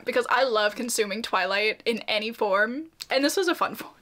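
A woman's voice: a little high, expressive, a little fast, hardly any pauses, bright, forceful tone. A young woman chatting casually in a book vlog, bubbly and giggly, with lots of fillers. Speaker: book vlogger.

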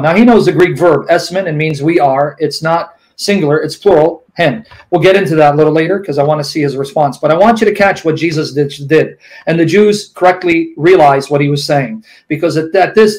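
A man debating theology, quoting scripture rapidly and pressing his opponent with pointed questions. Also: a little high, a little mellow, low-quality recording.

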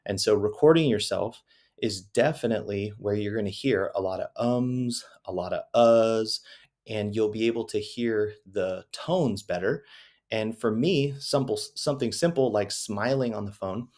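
With a fairly low, slightly mellow voice and a moderate pace, a man gives salespeople casual coaching straight to camera. His conversational style is dotted with tags such as "right?" and "you know."

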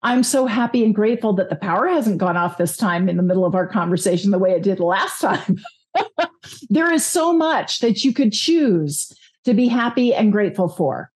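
A woman coach, a guest in an interview, talking upbeat and often slowing down to make her points. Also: mid-range voice, expressive. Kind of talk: interview conversation. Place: California.

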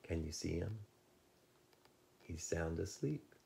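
A man reading a children's picture book aloud, lively, dropping to a hush to ask young listeners to find the cat. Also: low voice, slow pace, gravelly, slight background noise.

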